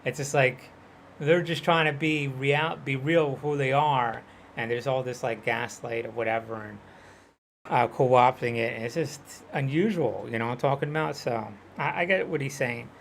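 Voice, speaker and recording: A man's voice: medium pitch, fairly even intonation, normal speed, gravelly, a little hiss or hum. A man from Hawaii chatting loosely while streaming a game, rambling and full of fillers. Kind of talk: casual chat while gaming.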